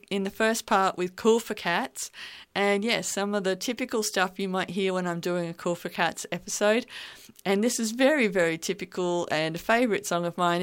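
A woman hosts a community radio show from a studio basement. Her voice is smooth and clear at a middle pitch, and her talk is loose and rambling, with easy laughter. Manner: chatty, rambling, laughs easily. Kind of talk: casual radio chat.

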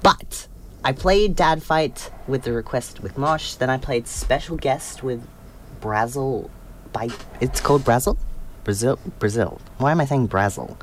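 A man's voice: medium pitch, expressive, moderate pace, slight background noise. A young man hosting a casual community radio show, rambling and self-deprecating, laughing often. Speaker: radio host. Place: radio studio.

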